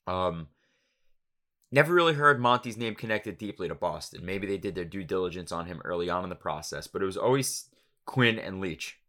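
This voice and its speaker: A man co-hosting a casual sports podcast, making wry, quick jokey asides. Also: low voice, expressive, pushed and bright. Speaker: podcast co-host.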